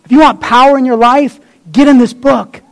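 A man's voice: extremely high pitch, steady tone, normal speed, vocal fry, rough recording. A man preaching a sermon in a fervent, blunt and colloquial way.

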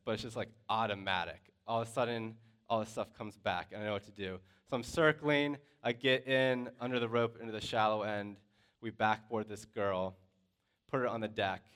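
A man telling a personal story to a class in a lively, conversational way, with lots of filler words. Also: on the low side.

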